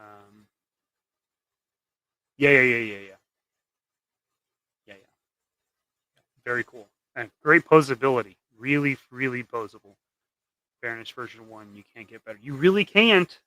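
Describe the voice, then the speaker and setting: A man's voice: mid-range voice, lively intonation, a little slow, pauses often, pushed and bright, no echo. A man hosting a casual livestream while he paints custom action figures, rambling and trailing off into mumbles.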